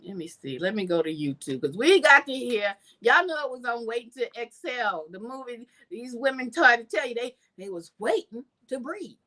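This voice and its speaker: A woman with a fairly high voice hosts her channel, talking at a moderate pace with few pauses. Her commentary is casual and chatty as she speaks straight to her viewers, calling them y'all. She's lively and laughs along the way.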